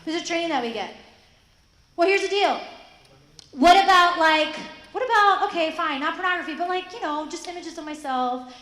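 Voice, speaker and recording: A young woman giving an animated faith talk to high school students, asking questions and acting out quoted voices. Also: normal speed, roomy sound. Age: young adult. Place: school hall.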